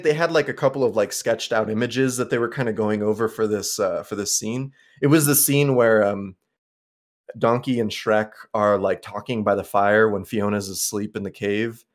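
A young adult man co-hosts a podcast, chatting casually in a lowish voice with fairly even intonation at normal speed. He rambles, leaning on filler words and letting slip the odd swear.

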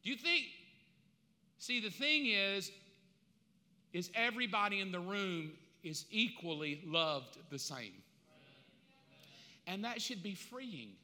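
A middle-aged man preaching a sermon as pastor, impassioned and conversational, with dramatic pauses. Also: high voice, big pitch swings, bright, forceful tone, big-room sound. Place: church sanctuary.

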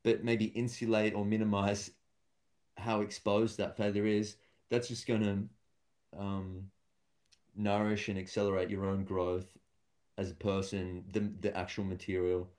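A man's voice: lowish voice, flat delivery, unhurried, a little mellow. A man, a stand-up comedian and guest, talking casually and thoughtfully in an interview, with many fillers and restarts.

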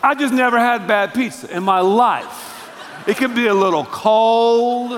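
A man's voice: extremely high pitch, measured pace, in a large hall, a faint crowd, slight background noise. A male pastor preaching a sermon, joking and speaking directly to the congregation. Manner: animated, joking, addressing the congregation.

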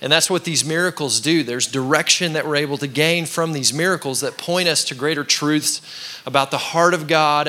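A man in his thirties preaches in a church with a bright, forceful voice pitched a little high for a man. He talks in a loose, conversational way and asks the congregation to repeat words back to him. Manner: conversational preaching with call-and-response. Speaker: pastor. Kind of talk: sermon. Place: church sanctuary.

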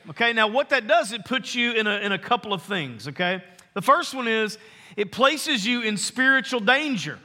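A man preaching a sermon to his congregation, earnest and emphatic, slowing down to stress key phrases. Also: very high voice, lively intonation, sharp tone. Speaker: pastor. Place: church sanctuary. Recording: long hall reverb.

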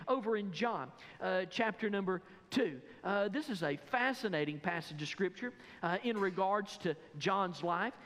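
A man preaching from the pulpit of a church, pressing his congregation with one rhetorical question after another. His voice sits high for a man and carries a lively, animated energy. The sound rings out with the long reverb of a large sanctuary. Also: moderate pace, hardly any pauses. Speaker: pastor. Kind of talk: sermon.

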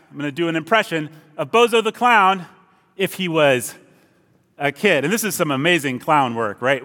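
A man's voice: a little high, sharp tone. A man preaching a sermon, playful and chatty with the congregation. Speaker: pastor. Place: church service. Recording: long reverb of a church hall.

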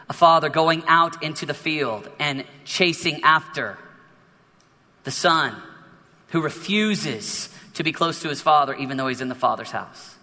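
A man preaching a sermon as a youth pastor in an emphatic, animated way, with many repetitions. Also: on the high side, long reverb tail.

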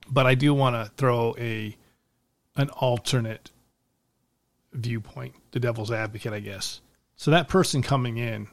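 A man in casual chat, calmly laying out another side of the argument. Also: mid-range voice, no room sound. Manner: calm, reasoning, plays devil's advocate.

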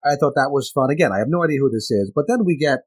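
Husky-voiced male podcast co-host. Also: mid-range voice, animated, very fast. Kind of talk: casual comic book review chat.

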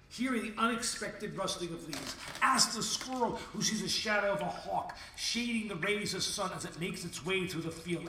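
Male podcaster, theatrical confessional monologue, fairly high voice, roomy distant sound. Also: slight background noise. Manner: theatrical, swinging from booming to hushed. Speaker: podcast host. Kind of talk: dramatic spoken monologue addressed to God.

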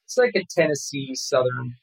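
A man talking casually as an actor guest in an interview, rambling and relaxed with many fillers and restarts. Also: mid-range voice, normal speed, creaky, husky, dry recording, rough recording.

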